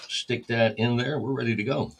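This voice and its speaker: A man's voice: mid-range voice, fairly even intonation, moderate pace, creaky, slight background noise. A man hosting a record store livestream, casually explaining each step while he catalogs vinyl. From United States.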